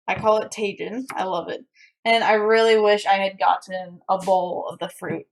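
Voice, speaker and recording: A young woman with a fairly high voice chats casually while she cooks in her home kitchen. She rambles from one thought to the next and often restarts her sentences, talking easily to her viewers. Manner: chatty and rambling, with frequent restarts. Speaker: streamer. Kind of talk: casual chat while cooking and reading chat.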